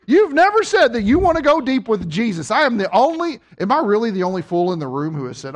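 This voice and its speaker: A man delivers a sermon to his congregation in a high voice that leaps all over its range. He teases and jokes with the listeners between points, then swells each point to an emphatic close. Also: fast talker, few pauses. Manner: animated, joking with the congregation, rising to emphatic peaks. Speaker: preacher.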